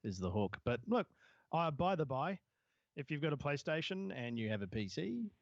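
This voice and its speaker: A man's voice: a little high, very animated, normal speed, no echo, muffled recording. A man co-hosting a casual tech news podcast, rambling with many fillers and restarts. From Southern Hemisphere. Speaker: podcast co-host.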